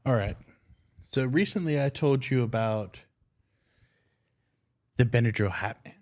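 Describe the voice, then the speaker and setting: A young man co-hosting a podcast, telling stories in a loose, excitable way and swearing casually. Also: medium pitch, a little slow. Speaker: podcast co-host. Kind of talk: casual chat.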